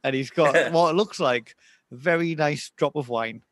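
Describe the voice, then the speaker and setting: Chatty man, giggly, a touch high-pitched, recorded dry and close. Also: moderate pace, a bit bright, no echo. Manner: laughs often, quotes lines in put-on voices. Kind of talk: casual chat reviewing an old puppet show.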